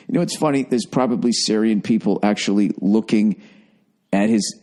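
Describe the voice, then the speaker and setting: A man's voice: medium pitch, steady tone, fairly quick, mellow. A man in his forties, hosting his own podcast and ranting with heavy profanity and sarcasm in a casual solo monologue. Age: 40s. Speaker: podcast host.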